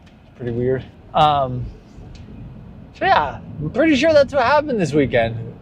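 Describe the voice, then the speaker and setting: A man in his thirties vlogs from inside his car while driving, delivering a candid, rambling monologue. He breaks into high, exaggerated quotes now and then, and faint road noise runs under the recording.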